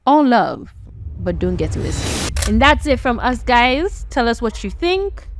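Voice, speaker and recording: Animated woman telling a true story. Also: fairly high pitch, a little slow, noisy background. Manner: animated, conversational, addresses listeners directly. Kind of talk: casual story narration.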